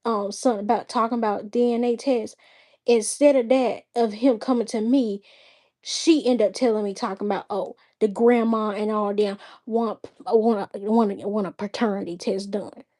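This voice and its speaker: A woman's voice: mid-range voice, steady tone, moderate pace, mellow. A woman hosting a livestream, telling a story in casual chat, blunt and exasperated, with frequent cursing. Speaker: livestream host.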